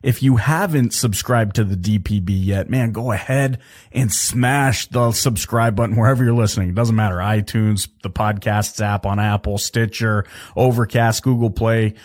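A man hosting his own podcast, talking in an energetic, chatty way with lots of fillers and restarts. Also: lowish voice, moderate pace. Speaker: podcast host. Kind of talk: casual solo podcast talk.

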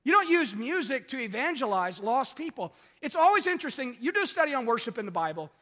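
A man preaching a sermon in a very high, bright, forceful voice. He hammers his points by repeating phrases, and swings between ringing exclamations and low asides. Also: sing-song, quick pace. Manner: emphatic, repeats phrases for effect; rises to loud exclamations then drops low. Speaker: pastor.

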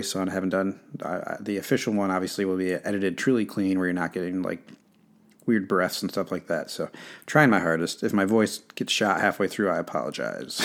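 Lowish-voiced man reading his memoir. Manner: relaxed, with chatty asides and self-corrections. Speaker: author narrating his own book. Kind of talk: informal audiobook reading.

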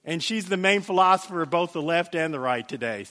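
A man preaching a sermon as pastor, animated, acting out quoted voices, with many restarts. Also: fairly high pitch, fairly quick. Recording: long hall reverb.

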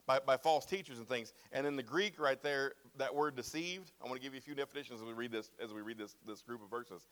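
A man's voice: mid-range voice, a bit bright. A man preaching a sermon with emphatic, repeated phrases, often asking "right?" and "amen?". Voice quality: bald-headed preacher, self-described.

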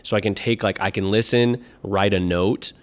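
A man's voice: lowish voice, fairly even intonation, moderate pace. A man co-hosting a podcast, chatting casually in a rambling, upbeat way with many fillers. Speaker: podcast co-host. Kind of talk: casual chat.

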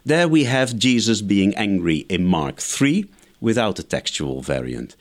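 Guy w a lowish voice, scholar walking thru his points, pitch all over the place. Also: sing-song, a little slow. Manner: lecturing, methodical, enumerates points. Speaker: biblical scholar guest. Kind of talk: explanatory interview answers.

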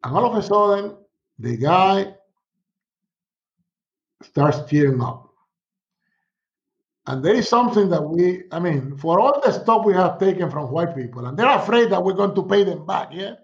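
A middle-aged man, a sociology professor, telling stories in a casual conversation, animated and laughing often. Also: high-pitched, normal speed, vocal fry, pauses often, lo-fi sound. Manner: animated storyteller, laughs often, acts out quotes.

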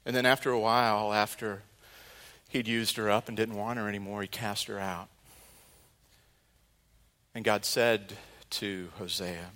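A male pastor preaching a sermon, telling a story earnestly and dramatically, moving between loud and hushed delivery. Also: fairly low pitch, fairly even intonation, a little slow, pauses often.

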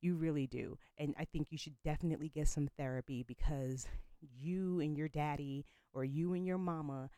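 A woman in her forties tells her own story bluntly and swears freely, with a low, mellow voice. The sound is dry and close, with no room echo, and she talks in a frank, unfiltered way. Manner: blunt, profane, candid. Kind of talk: storytime vlog monologue.

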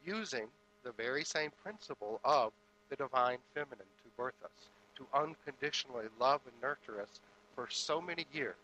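A man giving a spiritual sermon in a measured, deliberate way, with pauses between phrases. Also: mid-range voice, sharp tone, a little hiss or hum, poor audio. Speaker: spiritual speaker.

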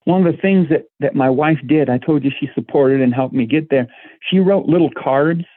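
A man's voice: on the high side, normal speed, no room sound. Middle-aged guy, earnest interview guest, tinny dry phone-line sound. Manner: earnest, restarts words often. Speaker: volunteer guest. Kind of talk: casual interview.

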